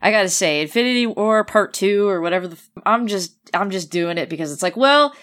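A woman's voice: on the low side, quick pace. A woman co-hosting a casual chat, laid-back and wry. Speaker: podcast co-host.

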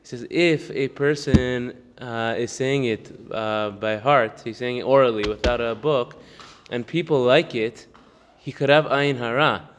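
A man's voice: mid-range voice, steady tone, in a large hall, slight background noise. A man giving a casual Torah class, reading a text aloud and explaining it in English, often laughing. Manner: reads quickly in Hebrew, then explains in English with laughs. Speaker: Torah teacher.

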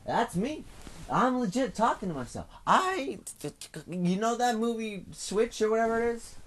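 A teenage man hosting a solo podcast from home, rambling and self-mocking, his voice swinging between loud bursts and mumbles. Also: very high voice, sing-song, measured pace. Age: teens. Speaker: podcast host. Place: at home indoors.

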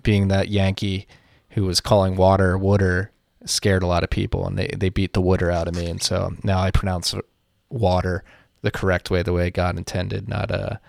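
A man from Philadelphia co-hosting a podcast, talking through the news in a relaxed, rambling way and swearing casually over a remote call. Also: low voice, a little fast, gravelly, few pauses, no room sound, clean studio sound. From Philadelphia, USA. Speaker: podcast co-host.

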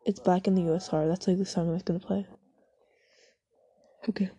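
A woman's voice: on the low side, steady tone, moderate pace, dark tone, husky, no room sound. A woman chatting casually as she browses online, rambling, cursing freely and cutting herself off mid-thought. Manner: rambling, profane, self-interrupting, giggly. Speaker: vlogger. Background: faint music playing.

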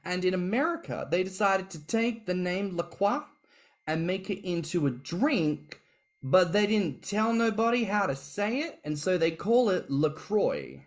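A man's voice: sits high, big pitch swings, measured pace. A man co-hosting a podcast in a campy, playful, teasing manner. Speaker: podcast co-host. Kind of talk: casual chat.

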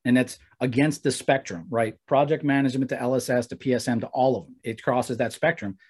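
A man's voice: mid-range voice, a little fast, husky. A man in his forties, a guest trainer telling stories in a casual podcast conversation. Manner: storytelling, animated when acting out quotes.

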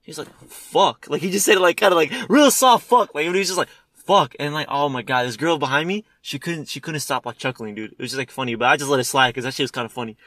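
Young guy, quick animated chatter, slightly high, dry close sound. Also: no room sound. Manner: fast, animated storytelling, heavy swearing and filler. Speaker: friend chatting about movies. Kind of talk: casual chat.

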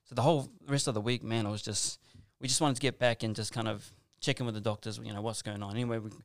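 Rambling man, slightly low voice. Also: fairly even intonation, fast talker, dry recording. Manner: rambling, earnest, full of asides and restarts. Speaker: guest telling a personal story. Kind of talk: casual conversational storytelling.

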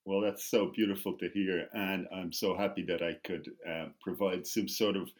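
Man, guest author, interview chat, measured and polite, deep low voice. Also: steady tone. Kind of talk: conversational interview.

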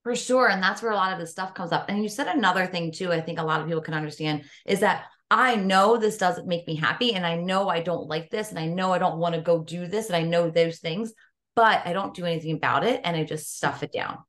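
Energetic woman hosting a podcast. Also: fairly low pitch, a little fast. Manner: energetic, affirming, conversational. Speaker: podcast host and coach. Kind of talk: casual podcast interview.

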